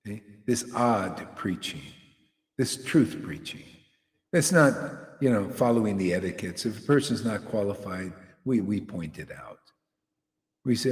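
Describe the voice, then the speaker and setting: A man's voice: on the low side, animated, a little slow. A man giving an informal, confrontational devotional sermon, rambling and often asking "see?" to his listeners. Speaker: preacher. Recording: echoey hall with long reverb.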